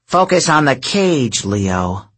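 A man's voice: mid-range voice, big pitch swings, fairly bright tone, slightly rough, heavily acted. A man voicing an imperious, commanding goddess who speaks in a clipped, grumbling way. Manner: clipped, grumbling, slow and stern. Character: haughty imperious goddess, woman, old and commanding.

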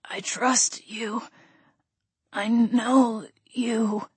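A woman's voice: high voice, little pitch movement, very slow, darkish tone, slightly rough, no echo, pitched above the performer's own voice, heavily acted. A woman voicing a dying young man's weak whimper. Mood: dying plea. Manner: weak, wet, fading whimper. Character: young man, badly wounded and dying.

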